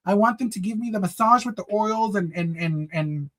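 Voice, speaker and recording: A man's voice: high voice, moderate pace, a bit bright. A man hosting a casual livestream, chatting with viewers in a sassy, campy way, calling them honey and girl and slipping into Spanish phrases. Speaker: livestream host.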